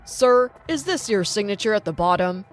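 A woman voicing a calm, formal male police officer who speaks politely in an animated story. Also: medium pitch, normal speed, faint music behind, voice pushed down, lightly acted.

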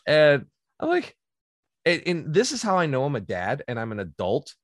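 A man's voice: fairly high pitch, normal speed, no room sound, studio quality. A man in his thirties telling a casual story, laughing often and acting out what people said. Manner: animated, laughs often, acts out quotes.

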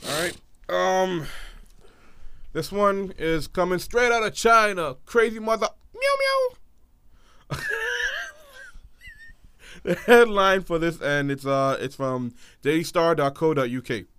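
A man's voice: a little high, takes it slowly, long pauses, fairly bright tone, clean tone, no echo. Man, casual podcast chat, giggly, stumbling over words, dry recording. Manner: giggly, many ums and restarts. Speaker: podcast co-host. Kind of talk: casual chat and reading headlines.

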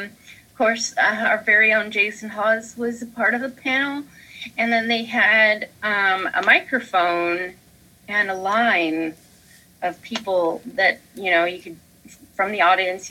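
Young woman podcast co-host, bright tone, unhurried delivery, animated storyteller. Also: medium pitch, low-quality recording. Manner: animated storyteller, acts out her own panicked quotes. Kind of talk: casual chat.

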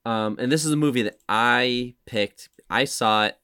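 A man's voice: medium pitch, normal speed, sharp tone, smooth, dry recording, clean studio sound. A man hosting a podcast in casual chat, rambling and hesitant with frequent restarts. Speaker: podcast host.

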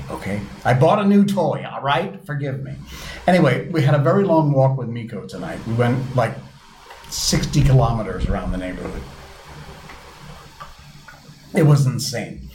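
A man hosting a casual live stream, chatting in a rambling, self-deprecating way, with a little reverb added to his voice. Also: fairly low pitch. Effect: light added reverb. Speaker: livestream host. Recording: echoey room, faint hum.

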